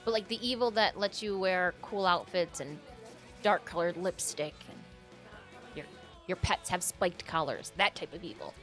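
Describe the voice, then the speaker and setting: A woman's voice: fairly low pitch, normal speed, a bit bright. A woman from Michigan streaming a game, chatting playfully with her viewers and reading out their names. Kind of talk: casual live-stream chat. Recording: faint game music behind.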